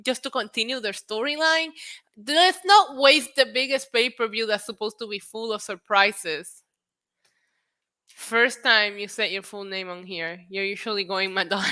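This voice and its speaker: A woman with a New York accent hosts a loose wrestling news stream and reads viewer comments as she goes. Her voice is bright and forceful, at a middle pitch. She swears casually and often breaks into laughter. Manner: chatty, swears freely, laughs often, reads chat aloud. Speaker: wrestling talk show host. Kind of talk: casual livestream chat reading news and chat.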